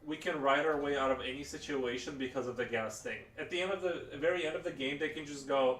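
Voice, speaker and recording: A man's voice: medium pitch, fast, few pauses, a bit bright. A man chatting casually on a live stream, rambling with lots of fillers and restarts. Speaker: livestreamer. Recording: roomy, distant mic, faint background noise.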